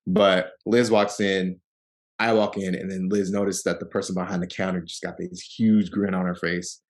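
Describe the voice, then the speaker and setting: Speaking at an ordinary speed in a casual storytelling interview, this Seattle podcast guest rambles easily through his own anecdotes with frequent fillers such as "um" and "like." Whenever he quotes someone, he performs them with animated leaps in pitch.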